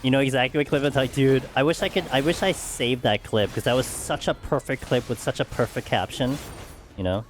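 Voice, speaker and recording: A man's voice: medium pitch, fairly quick, faint music behind. A man streaming a game, chatting casually with friends in a loose, rambling way and laughing often. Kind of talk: casual chat while gaming.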